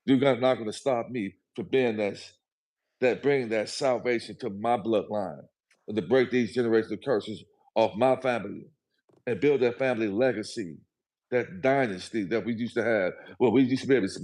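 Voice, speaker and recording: A man's voice: mid-range voice, a little mellow. A man speaking as a guest on a livestream, talking in a preachy, emphatic, motivational way and repeating his phrases. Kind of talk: motivational live chat.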